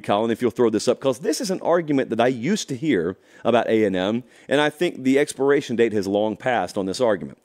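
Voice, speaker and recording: A man hosting a college football talk show, talking casually and wryly, mock-quoting his critics with disbelief. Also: mid-range voice. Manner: animated, wry and incredulous, mock-quoting critics. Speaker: host. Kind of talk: casual sports talk monologue.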